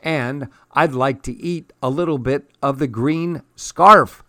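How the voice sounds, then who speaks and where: Brief: cheeky toy bunny in a secret whisper-like voice, read by a man. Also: slow. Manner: hushed secret voice, higher.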